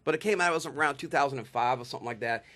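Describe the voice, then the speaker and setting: A man's voice: mid-range voice, rapid-fire, a bit bright. A man co-hosting a casual podcast, rambling through stories with frequent restarts. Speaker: podcast co-host. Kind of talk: casual chat.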